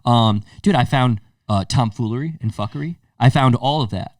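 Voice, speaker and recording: Animated young man telling a story. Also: mid-range voice, normal speed, no echo, clean studio sound, recorded from a distance. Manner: animated, swears freely, acts out quotes. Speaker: podcast co-host. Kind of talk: casual storytelling chat.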